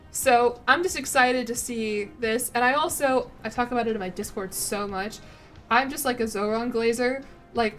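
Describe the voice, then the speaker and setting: A young woman from Chicago, chatting casually and rambling as she streams, quick to laugh. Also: fairly high pitch, fairly bright tone. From Chicago, United States. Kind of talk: casual chat while streaming.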